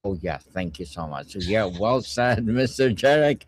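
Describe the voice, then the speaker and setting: A male podcast host with a very deep voice that still moves with lively ups and downs. He thanks his guest politely and reads out his interview questions. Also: a little slow, slight background noise.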